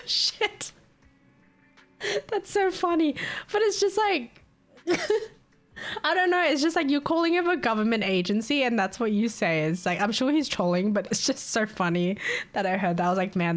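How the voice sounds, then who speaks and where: Chatty laughing young woman streamer. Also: a little high. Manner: chatty, swears freely, laughs often. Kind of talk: casual chat with viewers.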